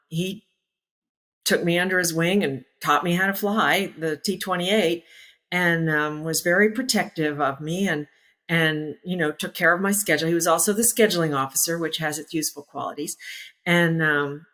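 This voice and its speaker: A woman's voice: low-pitched, moderate pace. A woman in her sixties, a former military pilot, telling stories from her career in a casual interview, acting out what people said and laughing easily. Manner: lively, acts out quoted voices, laughs easily. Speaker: former naval aviator, interview guest. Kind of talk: casual anecdotal storytelling.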